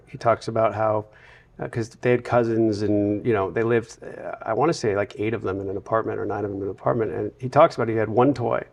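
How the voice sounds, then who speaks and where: A man from the United States, a guest in a casual interview, telling long run-on anecdotes with a relaxed storytelling manner. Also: on the low side, creaky. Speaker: podcast guest.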